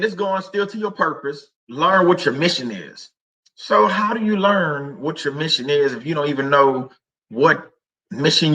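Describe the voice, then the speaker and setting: A man's voice: a little high, fairly bright tone, low-quality recording. A middle-aged man hosting a casual faith talk stream, rambling and conversational with many fillers and restarts. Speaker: livestream host.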